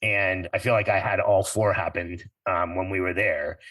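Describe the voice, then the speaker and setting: A man's voice: low voice, steady tone, normal speed, fairly bright tone, dry recording, recorded from a distance, low-quality recording. A middle-aged man hosting a podcast, telling a personal story in an earnest, reflective way that turns a little emotional. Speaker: podcast host.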